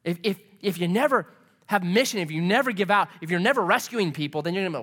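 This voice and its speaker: A man preaching a sermon as a pastor, telling stories in an animated, conversational way. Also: high-pitched, fast talker. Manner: animated storytelling, lively and conversational.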